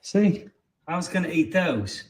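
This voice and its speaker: A man talking casually into his phone with wry, deadpan humor. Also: a little high, measured pace. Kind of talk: casual phone video monologue. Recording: echoey room.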